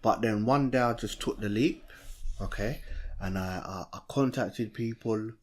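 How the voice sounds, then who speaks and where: Chatty young man, animated. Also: lowish voice, a little slow, slight background noise. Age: young adult. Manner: animated, chatty, self-interrupting. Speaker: podcast co-host. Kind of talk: casual chat.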